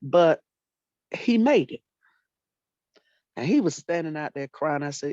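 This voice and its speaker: An older woman, a retired teacher and librarian, telling animated stories about her students in casual talk and acting out what people said. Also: low voice, measured pace, long pauses, dry recording. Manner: animated storyteller, acts out quotes, folksy Southern phrasing. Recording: dull lo-fi dry sound.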